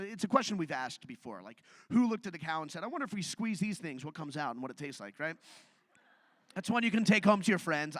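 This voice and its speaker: Male stand-up comic, high bright voice, dry close sound, chatty and self-mocking. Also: no echo. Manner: conversational, self-deprecating storytelling. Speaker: stand-up comedian. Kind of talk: live stand-up set. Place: theatre stage.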